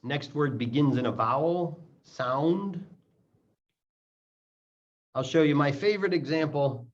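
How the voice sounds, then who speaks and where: A man teaching English pronunciation, explaining step by step and repeating words to show how they link. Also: a little high. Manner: repeats words slowly to demonstrate sounds. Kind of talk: explaining lesson, slow and deliberate. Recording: dull lo-fi audio.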